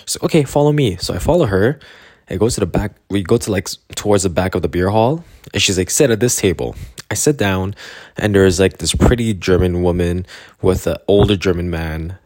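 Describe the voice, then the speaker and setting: A young man from Canada rambles through a travel story, laughing and acting out the people he met. His voice sits very low and the recording is dry and close. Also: fairly quick, a little mellow, no echo. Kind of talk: casual storytelling.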